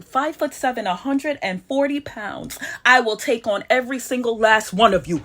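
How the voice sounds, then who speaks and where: A woman with a high voice talks straight to her viewers in a preachy monologue. She is defiant and confrontational, and she hammers home her points by repeating phrases. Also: moderate pace, hardly any pauses, fairly bright tone. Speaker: online commentator.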